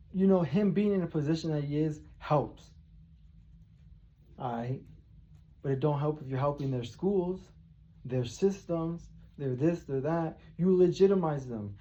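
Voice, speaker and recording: A man's voice: a little high, mellow, highs cut off. A man rambling and swearing heavily in a monologue to camera, sitting on his bed. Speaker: vlogger. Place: bedroom, seated on bed.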